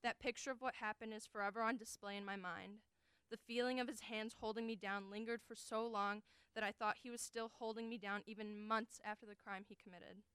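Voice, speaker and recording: A young adult woman giving an earnest, deliberate dramatic reading of first-person prose as a college forensics performer. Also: medium pitch, a bit bright, clear, resonant tone, dry recording. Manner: earnest, deliberate, emotionally weighted delivery.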